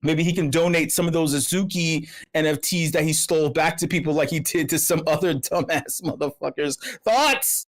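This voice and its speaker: In a casual livestream chat, a meetup host with a voice on the high side talks at a moderate pace with few pauses. His rambling comic rants are profane and riddled with restarts and repeated words.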